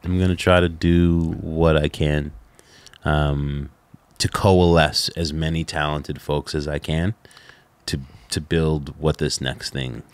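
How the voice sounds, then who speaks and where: A middle-aged man talking as a podcast guest in a relaxed, halting way, often restarting his phrases. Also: extremely low pitch, clean tone, no room sound. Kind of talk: casual interview chat.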